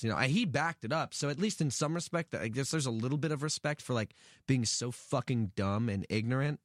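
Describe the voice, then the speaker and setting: A man in casual podcast chat, telling a story with lots of swearing and animated retelling. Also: medium pitch, a little fast, no echo, studio quality. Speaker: guest musician.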